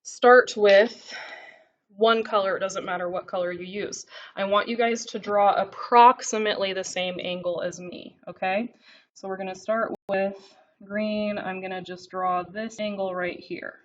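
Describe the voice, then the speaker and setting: A woman teaching a recorded math lesson, working through notes as she writes. She keeps checking in with her students with a quick "okay?". The recording sounds a little dull and lo-fi. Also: medium pitch, fairly even intonation, slight background noise. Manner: talks while writing, frequent "okay?" check-ins.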